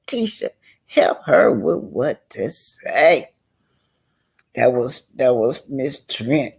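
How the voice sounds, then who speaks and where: An older woman talks through a reality show in a slow, unhurried way. Her voice has a gravelly, creaky edge. She is chatty and emphatic, stretching words out for effect. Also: a bass voice, big pitch swings. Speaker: reality TV commentator. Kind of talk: casual commentary.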